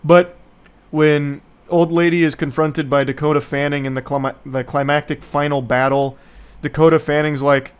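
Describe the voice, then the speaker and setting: A young man with a slightly higher voice, chatting loosely to his stream audience. His tone is sarcastic and profane, with a rambling, off-the-cuff delivery full of asides. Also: little pitch movement, moderate pace, clean tone. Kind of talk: casual movie recap to viewers.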